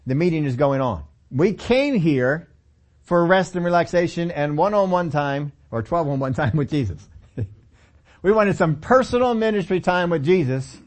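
A man's voice: high-pitched, darkish tone. A man preaching a sermon, telling the story with humor, acting out the characters and asking the audience questions. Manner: laughs often and asks the audience questions.

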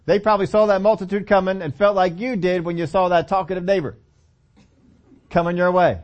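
High-voiced preacher, animated. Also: male voice, brisk. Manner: animated storytelling, acting out the disciples with humor; laughs often and asks the audience questions. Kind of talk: sermon.

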